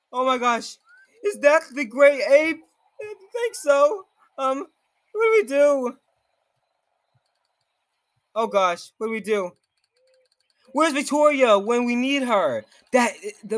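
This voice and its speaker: A high-pitched man commentating his gameplay as it happens, jumpy and easily startled. He talks to himself and to his viewers in a stream of nervous exclamations. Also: slight background noise. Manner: jittery and excitable, constant nervous exclamations. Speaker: gaming video creator.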